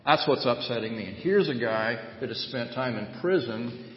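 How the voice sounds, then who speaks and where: A man preaching a sermon, moving between loud, emphatic points and quiet storytelling. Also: medium pitch, lively intonation, normal speed. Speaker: pastor. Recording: echoey hall, dull lo-fi sound.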